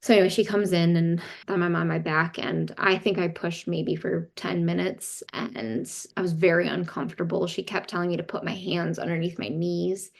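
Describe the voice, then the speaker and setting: A woman recounts a personal story as a podcast guest, candid and detailed. Her voice sits on the low side with a gravelly fry. She relays what others said along the way. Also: fairly even intonation, moderate pace, few pauses. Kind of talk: casual storytelling.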